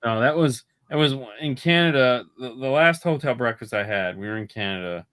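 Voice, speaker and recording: A man co-hosting a podcast in casual chat, rambling and repeating words as he tells drawn-out stories. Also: mid-range voice, animated, a bit bright, slight background noise. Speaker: podcast co-host.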